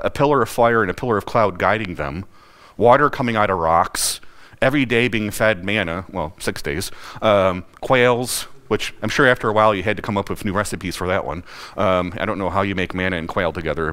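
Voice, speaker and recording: A man's voice: lowish voice, fairly bright tone. Man preaching a casual, folksy sermon. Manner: folksy, asks the congregation questions, acts out quoted voices. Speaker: pastor. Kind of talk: conversational sermon.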